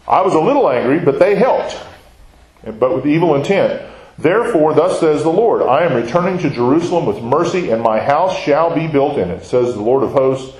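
A man's voice: medium pitch, a little mellow. A man teaching a Bible study, talking conversationally and putting questions to the class. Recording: echoey room.

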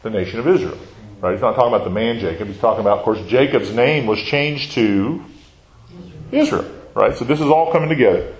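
A man's voice: medium pitch, brisk, echoey room, low-quality recording. A man teaching a Bible study class, reading scripture aloud and then explaining it in a conversational way, often asking his listeners questions. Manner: conversational, quizzes the class with questions and tags "right?".

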